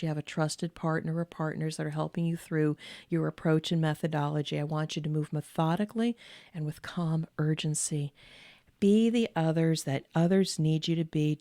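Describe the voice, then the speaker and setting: Calm, low-voiced woman coaching leaders. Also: no room sound, studio quality. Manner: calm, measured, with deliberate pauses; earnest and encouraging, repeats key words. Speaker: podcast host and executive coach. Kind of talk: direct-to-camera advice talk.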